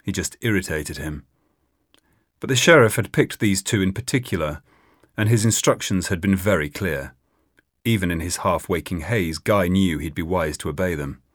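A man narrating an audiobook in an expressive reading. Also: sits low, normal speed, no echo, clean studio sound. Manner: expressive, voices many characters.

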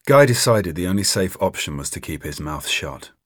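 A man narrating an audiobook in an expressive reading. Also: low voice, moderate pace, no room sound, studio quality. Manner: expressive, voices many characters.

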